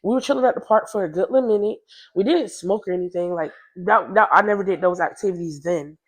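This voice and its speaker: Chatty young woman telling a story. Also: fast talker. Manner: chatty and slangy, jumps into higher voices to quote others. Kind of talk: casual storytime.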